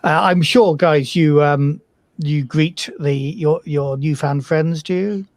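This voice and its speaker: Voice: medium pitch, steady tone, takes it slowly, slight background noise. A game master from the United Kingdom narrating a tabletop role-playing game, hesitant and full of fillers. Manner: hesitant, filler-heavy, self-deprecating.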